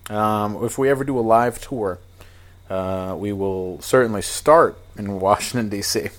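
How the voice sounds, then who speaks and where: A man's voice: on the low side, measured pace. A man co-hosting a podcast in casual chat, jokey and profane, laughing often and restarting his sentences. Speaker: podcast co-host.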